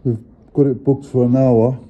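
A man's voice: mid-range voice, little pitch movement, normal speed, muffled recording, slight background noise. A man from London with a Cockney accent, arguing bluntly and repeating himself while filming in a public office. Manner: blunt, combative, repetitive. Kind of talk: confrontational street-filming talk.

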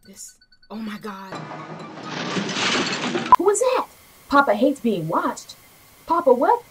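A woman streaming video games, reacting loudly and animatedly, with shrieks and running commentary. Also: fairly high pitch, very animated, takes it slowly, pauses often, over loud music. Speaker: gaming streamer.

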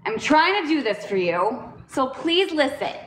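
A woman's voice: high-pitched, big pitch swings, unhurried, fairly bright tone, slight background noise. A woman at home, a mother talking to her young son while trying to assemble furniture, patient at first and growing tired and frustrated. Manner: patient, then frustrated and weary. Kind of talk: casual home vlog. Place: home, indoors.

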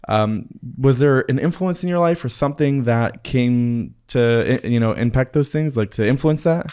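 A man's voice: mid-range voice, moderate pace, a little mellow, smooth. A man hosting a podcast interview, chatty and teasing, asking long rambling questions. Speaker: podcast host.

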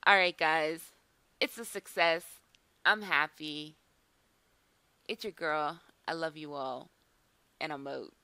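A young woman hosting a gaming video in casual chat, excitable, swearing and saying "like" a lot. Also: sits low, slow pace, pauses often, clear, resonant tone, dry recording. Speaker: gaming channel host.

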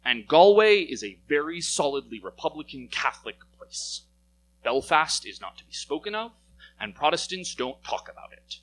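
A young American man telling a personal story at a live story slam, lively and wry, his voice climbing as the tale builds. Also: fairly high pitch, moderate pace, low-quality recording. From United States. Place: stage in a small venue.

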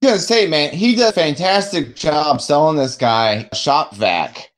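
Lively, wry man on a podcast. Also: a little high, measured pace. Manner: wry, joking asides. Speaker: podcast co-host. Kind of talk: casual chat.

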